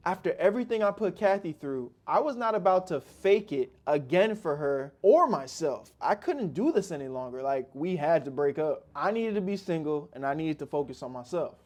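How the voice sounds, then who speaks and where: A man's voice: on the high side, very animated, normal speed, few pauses, darkish tone. A young man narrating a personal story in a candid, slangy, reflective way. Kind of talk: casual storytelling.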